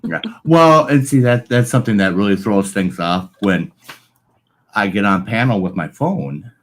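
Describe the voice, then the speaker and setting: A man's voice: fairly low pitch, animated, normal speed. A man chatting casually as a guest on a live stream, rambling with lots of filler phrases into a large microphone. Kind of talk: casual chat. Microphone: large studio microphone.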